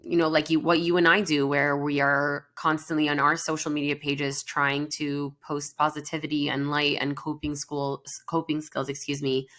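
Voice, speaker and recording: Low-pitched female counselor, earnest casual podcast chat. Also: level tone, moderate pace, hardly any pauses, a bit bright. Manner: earnest, chatty, many fillers.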